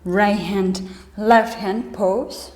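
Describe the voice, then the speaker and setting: A woman's voice: mid-range voice, steady tone, extremely slow, darkish tone. A woman instructor guiding a yoga class, counting breaths and calling out poses, with slightly non-native phrasing. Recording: echoey room with long reverb.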